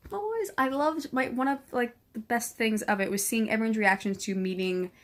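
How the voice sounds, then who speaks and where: A woman reviewing a show in a casual, gushing way, teary from crying, swearing freely and trailing off into soft whispers. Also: on the high side, steady tone, normal speed.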